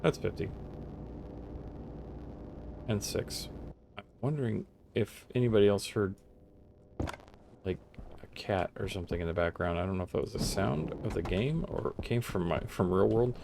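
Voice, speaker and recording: Lowish guy streamer rambling n joking while he plays, chill at-home vibe. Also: expressive, normal speed, creaky, pauses often, noisy background. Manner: rambling, self-joking and chatty. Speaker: game streamer. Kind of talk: casual gameplay commentary.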